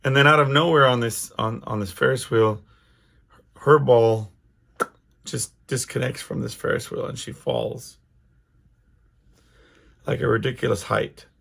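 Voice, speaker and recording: A middle-aged man talks through his own podcast in a loose, wandering way, stopping and restarting his thoughts. His voice is deeply gravelly and full of fry, with a husky edge, and sits at an ordinary pitch for a man. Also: steady tone, unhurried, pauses often, fairly bright tone. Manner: rambling, restarts a lot, many fillers. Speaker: podcast host. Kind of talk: casual solo monologue.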